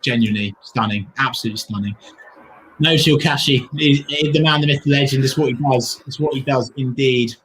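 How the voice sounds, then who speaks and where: Excitable, effusive man hosting a stream. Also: mid-range voice, a little fast, slight background noise, low-quality recording. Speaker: livestream co-host. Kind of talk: casual livestream chat.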